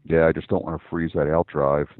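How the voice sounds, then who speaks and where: A man co-hosting a podcast in casual chat, with dry, unhurried remarks. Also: a bass voice, level tone, no echo, narrow, tinny audio. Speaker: podcast co-host.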